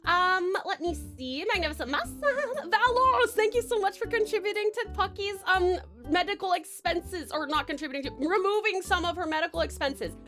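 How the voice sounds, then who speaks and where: A woman's voice: extremely high pitch, animated, moderate pace, hardly any pauses, pushed and bright, soft background music. A young woman streaming live, greeting chat, gushing and swearing casually, calling viewers darling. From Tasmania, Australia.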